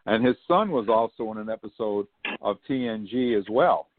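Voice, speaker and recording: A man's voice: lowish voice, lively intonation, moderate pace, no echo. A male host in a casual chat, chatty and easily impressed, heard over a phone line. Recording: dry, tinny phone line.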